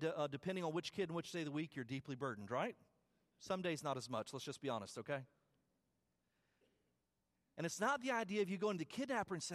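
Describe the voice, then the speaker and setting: Man, pastor, sermon, high voice, emphatic, conversational asides. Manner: emphatic preaching with repeated phrases and rising calls; conversational asides with stumbles and restarts.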